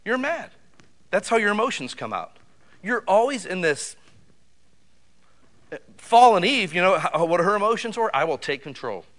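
Animated preaching man, bright voice. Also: high-pitched, measured pace, pauses often. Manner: animated, loud bursts with sudden drops to quiet. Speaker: pastor. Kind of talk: sermon.

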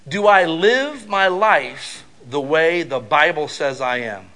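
A middle-aged male pastor delivering a sermon, telling casual stories and building up to loud, emphatic preaching. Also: a little high, animated, slow pace.

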